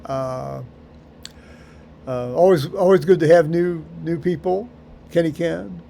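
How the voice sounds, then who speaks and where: A man rambling through a solo vlog monologue, halting with many fillers and restarts, with dry dark humor. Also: on the high side, creaky, a little hiss or hum. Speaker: vlogger.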